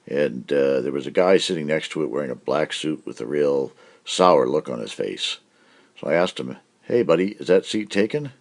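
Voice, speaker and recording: This cartoon comedy host speaks at a moderate pace in a bass voice with some vocal fry. His monologue is all jokes, delivered brashly and punchily with assumed voices.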